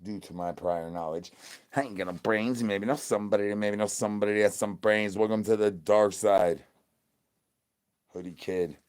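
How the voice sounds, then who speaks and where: A man's voice: lowish voice, steady tone, moderate pace, a little mellow, clear, resonant tone, natural voice. A man voicing a starving, crude male zombie who streams to his chat, rambling in slang and repeating his begging catchphrases. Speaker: livestream entertainer. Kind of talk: in-character livestream comedy.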